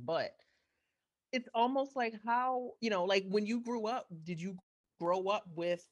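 A woman hosting a casual chat, reflecting aloud and asking probing questions. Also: on the low side.

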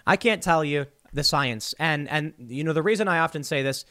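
A man hosting solo political commentary, talking in an animated, self-interrupting way. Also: fairly high pitch, normal speed. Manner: animated, self-interrupting, mocking quoted voices.

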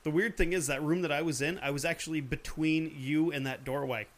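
A man's voice: a little high, fairly even intonation, fairly quick. Laid-back man who swears casually. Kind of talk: casual chat.

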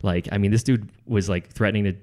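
A man's voice: on the low side, fairly even intonation, dark tone. A man being interviewed, telling stories about his past sales job in a casual, rambling way. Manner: fast, rambling, restarts phrases. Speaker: guest, former salesman. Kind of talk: casual conversational storytelling.

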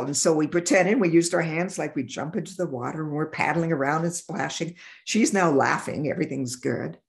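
A vision therapist telling a patient story in an interview, animated and acting out the dialogue. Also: medium pitch, fairly quick, gravelly. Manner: animated, acts out quoted dialogue.

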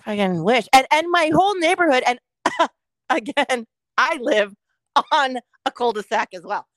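A woman with a fairly high voice co-hosts a casual podcast. She is laid-back and profane and laughs often, recorded in a dry room. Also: animated, measured pace, fairly bright tone, dry recording, low-quality recording. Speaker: podcast co-host. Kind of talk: casual chat.

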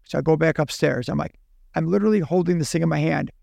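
A man's voice: a little high, quick pace, creaky, no room sound. A man, a podcast guest, telling a long anecdote in casual chat and acting out both sides of the dialogue. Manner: animated, acts out dialogue in his own voice. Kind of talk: casual storytelling.

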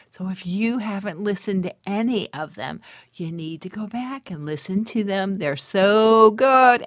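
Middle-aged female faith-podcast host and coach; unhurried, bubbly, prayerful, dry close-mic sound. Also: medium pitch, dry recording. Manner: bubbly, laughs often, swings from soft prayer to excited chatter.

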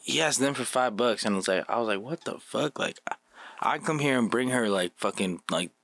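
A man's voice: mid-range voice, a little fast, fairly bright tone, no room sound. A young man, a guest musician, telling rambling, profane stories in slangy casual chat.

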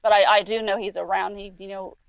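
A woman guest on a casual podcast, telling a personal story haltingly with many fillers and restarts. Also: medium pitch, little pitch movement, creaky, clean tone, no echo. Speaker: guest paranormal investigator. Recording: dull lo-fi sound.

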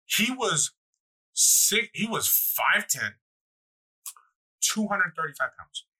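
Animated husky-voiced young man. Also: sits high, takes it slowly, low-quality recording. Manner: animated, profane, rambling storyteller. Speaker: podcast co-host. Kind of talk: casual storytelling chat.

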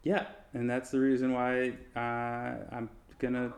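A man co-hosting a podcast, chatting casually and explaining things in a relaxed way. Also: mid-range voice, measured pace. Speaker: podcast co-host. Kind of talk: casual chat.

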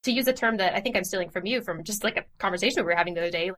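A woman with a bright, forceful voice talks through a story recap with her co-host. She keeps it chatty and lively and pokes fun at herself. Her pitch sits in an ordinary middle range. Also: rapid-fire. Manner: lively, chatty and self-deprecating. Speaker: podcast co-host. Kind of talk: casual podcast chat and plot summary.

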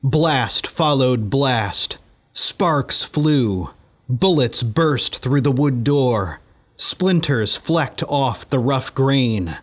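A man narrating a horror story in a measured, deliberate way. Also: mid-range voice, expressive.

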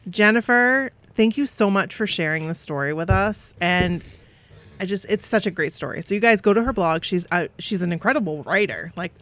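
A woman's voice: medium pitch, lively intonation, normal speed, a bit bright. A woman co-hosting a podcast chats casually in a giggly, gushing way. Her voice sits in the middle range, and she reads listener mail aloud with plenty of enthusiasm. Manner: giggly and effusive. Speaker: podcast co-host.

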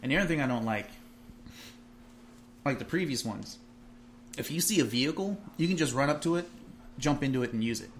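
A man's voice: mid-range voice, lively intonation, brisk, long pauses, a little hiss or hum. A man in casual conversation, talking animatedly and slipping into mocking voices when he retells stories. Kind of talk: casual chat.

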